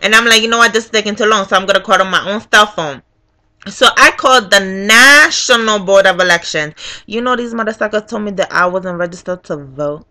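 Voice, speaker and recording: A woman's voice: mid-range voice, fairly quick, sharp tone. A young woman telling a profane storytime rant as a vlogger, acting out the people in her story. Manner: profane, acts out every voice in the story.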